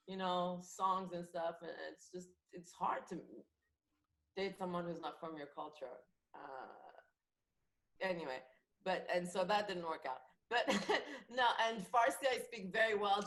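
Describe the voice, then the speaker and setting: A woman comedian and actress chatting as a podcast guest, talking freely, laughing often and restarting her sentences. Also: on the low side. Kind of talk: casual chat. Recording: roomy echoey sound.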